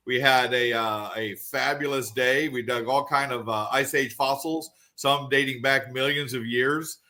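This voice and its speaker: A man with a bright, forceful voice gives a casual guest report, running through items at an auctioneer's clip. He talks freely, with frequent fillers and restarts. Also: mid-range voice. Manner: quick, auctioneer-like rundown with fillers. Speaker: guest treasure hunting reporter.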